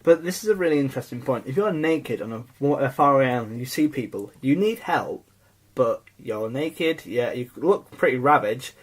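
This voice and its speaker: A man's voice: medium pitch, lively intonation, moderate pace. A man co-hosting a casual podcast, rambling with many "like"s and restarts. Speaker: podcast co-host. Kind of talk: casual chat.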